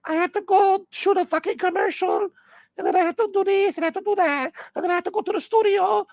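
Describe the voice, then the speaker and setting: A shrill, whiny pop diva who squeals every demand in a high falsetto, as a man puts her on. The voice is loud and pushy, with a dry, close sound. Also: quick pace, vocal fry, no echo, dull audio. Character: shrill demanding female pop star, impression.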